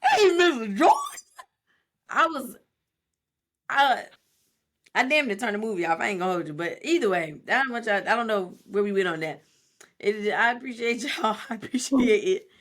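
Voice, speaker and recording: A woman co-hosting a podcast, telling a story in casual chat, animated and profane. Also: medium pitch, moderate pace. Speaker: podcast co-host.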